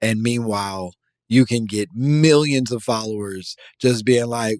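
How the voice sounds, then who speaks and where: A man's voice: lowish voice, unhurried, a little mellow, no room sound. A man co-hosting a podcast, reading a listener email and joking profanely, laughing often. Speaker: podcast co-host. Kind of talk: casual podcast banter.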